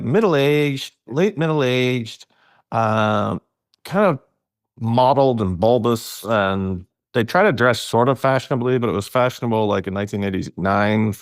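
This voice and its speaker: This middle-aged man has a fairly low, clean-toned voice, recorded in a clean studio with no room sound. Telling stories casually, he's animated, laughs frequently, and lifts his voice for emphasis.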